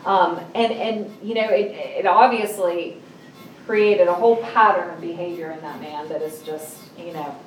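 Through a distant microphone in a roomy space with faint ambience and a little hiss or hum, a middle-aged woman is heard preaching at a church or ministry talk. She uses a medium pitch and keeps things conversational and lively, acting out scenes from her own life with sudden bursts of volume.

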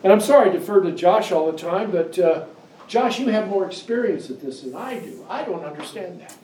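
A male pastor preaches in a church, mixing scripture reading with personal stories and climbing to emphatic heights on key verses. His voice sits a bit high and is picked up from a distance, with a roomy echo and faint ambience behind it. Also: brisk, slight background noise. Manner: animated storyteller, rising to high emphatic pitch on scripture. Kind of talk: sermon with scripture reading and anecdotes. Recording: echoey room, distant mic, faint ambience.

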